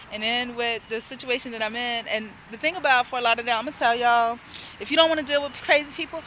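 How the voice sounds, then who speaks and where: Bright-voiced woman ranting casually. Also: a little high, slight background noise, poor audio. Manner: chatty, storytelling, quotes people in her own voice. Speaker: vlogger. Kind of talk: casual rambling rant.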